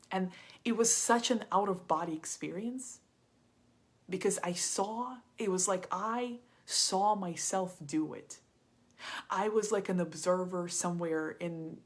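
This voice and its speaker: A woman leads a live masterclass and tells a personal story in a loose, chatty way. Her voice sits on the low side for a woman and has a husky, breathy edge. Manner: chatty, frequent "like" and "kinda". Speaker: business coach.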